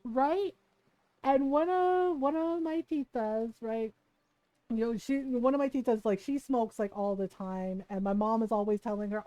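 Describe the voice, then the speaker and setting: A woman's voice: a little high, a little slow, no room sound. A woman streamer chatting casually as she tells a long story, often checking in with "right?". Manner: lively storyteller who keeps asking "right?".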